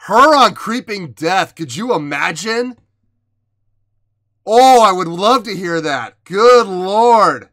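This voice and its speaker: Bright-voiced man reacting with emotion. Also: high voice, lively intonation, takes it slowly. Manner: exclaiming, emotional, thinks aloud with restarts and sighs. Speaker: music reaction host. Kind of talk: casual reaction commentary.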